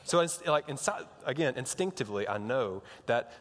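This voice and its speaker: A man's voice: medium pitch, lively intonation, normal speed, heavy background noise. A young man preaching to students, telling a rambling, joking story full of restarts. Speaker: youth pastor. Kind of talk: sermon to students. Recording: long hall reverb.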